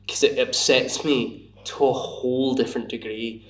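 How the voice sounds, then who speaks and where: A young Glaswegian man from Scotland, a bar worker appearing as a podcast guest, chats casually in a medium-pitched voice with fairly even intonation and a moderate pace. He rambles, says "like" constantly, and pokes fun at himself. He's recorded off-mic and far away in an echoey room.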